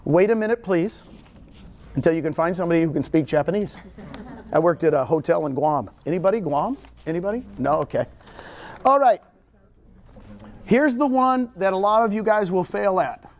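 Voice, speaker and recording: Middle-aged Texan man, higher voice, animated seminar presenter, talks to a live room. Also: moderate pace, pauses often. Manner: animated storyteller, jokes with audience. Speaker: real estate trainer. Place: meeting room with audience.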